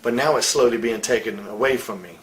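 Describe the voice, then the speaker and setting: A man's voice: mid-range voice, a little fast, poor audio. Blunt, profane man telling heated stories. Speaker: interviewee, wrestler. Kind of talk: candid shoot interview.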